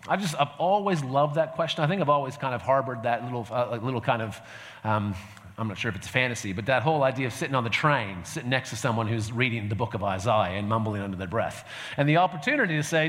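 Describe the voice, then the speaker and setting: A man's voice: medium pitch, lively intonation, fast, fairly bright tone. A man giving a conversational teaching talk to a church group, often checking in with the audience. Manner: conversational, fillers and restarts, asks audience "right?". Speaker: pastor. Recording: reverberant hall sound.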